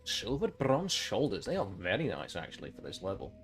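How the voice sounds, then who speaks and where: A man's voice: fairly low pitch, huge pitch swings, a little fast, soft background music. A man giving sarcastic, exasperated running commentary while streaming a game. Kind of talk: live gameplay commentary.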